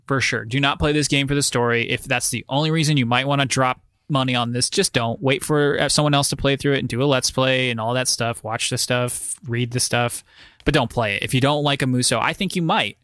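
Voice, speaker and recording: A man's voice: mid-range voice, fairly quick, fairly bright tone, no echo, clean studio sound. A man co-hosting a gaming podcast in casual chat, joking and teasing his co-host.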